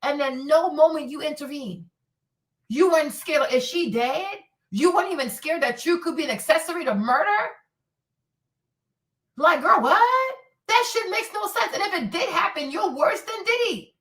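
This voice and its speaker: A woman's voice: high voice, animated, brisk, fairly bright tone, recorded from a distance. A woman giving a blunt, profane commentary rant as a streamer, acting out quotes as she goes.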